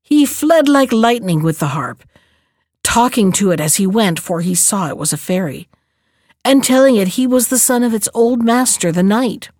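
A woman's voice: on the high side, expressive, normal speed, a little mellow, no room sound, studio quality. Woman reading a fairy tale. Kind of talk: storybook narration.

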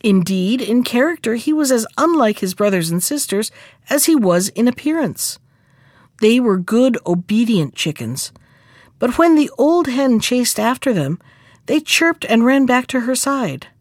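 A woman reads a classic fairy tale aloud with expressive storybook delivery. Her voice is fairly high and swings lively through each phrase. The sound is close and completely dry. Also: measured pace, no room sound. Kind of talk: scripted fairy-tale narration.

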